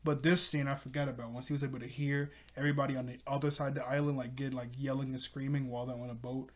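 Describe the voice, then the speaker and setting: A man's voice: mid-range voice, flat delivery, quick pace. A man recapping an anime episode in a rambling, casual way, chuckling often and leaning on fillers. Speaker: anime review host.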